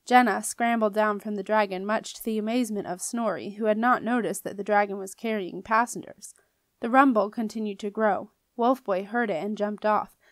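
A woman narrating a children's fantasy novel as an audiobook reader, in clear, steady storytelling. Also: mid-range voice, no room sound, studio quality.

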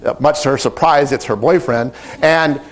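A middle-aged man who directs animal training, telling a story in a lively, animated way and acting out the quotes. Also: medium pitch, normal speed. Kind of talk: storytelling talk.

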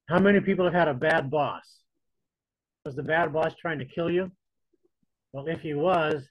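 A man's voice: on the high side, no room sound, poor audio. A man teaching a Bible lesson as a sermon, talking in a conversational way and retelling scripture in casual modern words.

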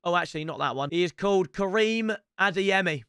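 Young man, gaming stream commentary, playful, bright high voice, dry sound. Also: fairly quick, clear, resonant tone, no room sound. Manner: chatty and playful, keeps addressing viewers as lads and boys.

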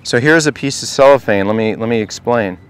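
Male golf coach, conversational, clear smooth voice, mid pitch, outdoor range. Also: brisk. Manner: conversational, keeps asking the group questions. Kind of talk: outdoor golf clinic talk to a group.

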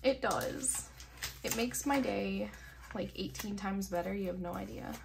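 A woman's voice: medium pitch, unhurried, gravelly, slight background noise. A young woman with a nasal voice, chatting casually and gushing while she unboxes her mail, cursing freely and sounding short on sleep. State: sleep-deprived. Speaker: vlogger.

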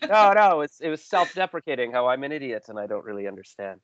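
A man's voice: mid-range voice, sing-song, fast talker, fairly bright tone, no room sound. A chatty man hosts a casual interview, rambling and poking fun at himself. His voice sits mid-range and sounds dry and close. The call audio is dull and lo-fi. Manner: chatty, self-deprecating, rambling with restarts. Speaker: podcast host.

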